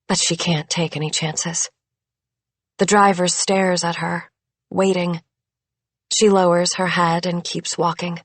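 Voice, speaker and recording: A woman narrating a thriller audiobook in a measured, suspenseful way, close to a studio mic. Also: on the low side, dry recording. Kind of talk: scripted narration.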